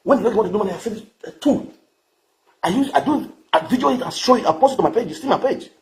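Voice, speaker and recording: A man's voice: sits high, lively intonation, very fast. A man with a Nigerian accent ranting to camera in a boastful, crude, mocking way, repeating his phrases. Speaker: vlogger.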